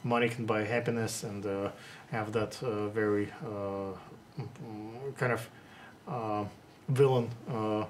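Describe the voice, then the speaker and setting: A man's voice: lowish voice, fairly even intonation. Hesitant man with a faint ambient hiss. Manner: halting, full of hesitations and restarts. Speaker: interviewer host. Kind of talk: casual interview chat.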